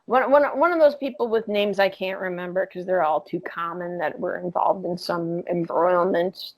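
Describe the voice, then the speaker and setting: A woman's voice: fairly low pitch, moderate pace, dull audio. A woman, a writer and podcast guest, talking bluntly in casual chat and swearing freely.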